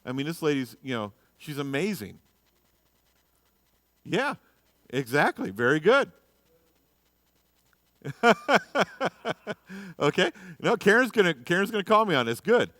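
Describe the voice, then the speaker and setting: A man teaching a casual Bible class in church, chatty and joking, dropping to quiet asides and rising to loud bursts. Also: fairly high pitch, big pitch swings, normal speed, long pauses, no room sound.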